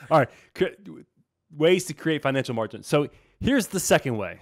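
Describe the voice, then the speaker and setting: A man hosting a casual podcast as a financial planner, talking in an energetic, laid-back way full of slang. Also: on the high side, moderate pace, no echo, clean studio sound.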